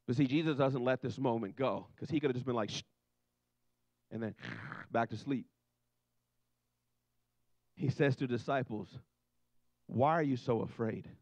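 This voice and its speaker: A man's voice: mid-range voice, normal speed, long pauses, a little mellow, dry recording. A man preaching a sermon in a loose, conversational way, acting out the scenes he tells in quoted voices. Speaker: pastor.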